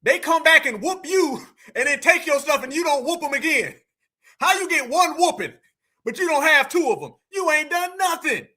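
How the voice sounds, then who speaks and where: A livestream host preaches to his audience, fired up and hyped, and addresses the chat as family. His very high voice is bright and forceful, with lively intonation, at normal speed.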